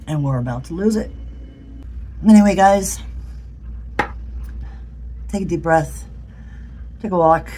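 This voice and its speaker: A woman's voice: lowish voice, animated, slow, long pauses, dark tone, slight background noise, poor audio. A woman from the United States talking in an impassioned political vlog, blunt and earnest, swearing freely. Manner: earnest, pleading. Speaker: political vlogger.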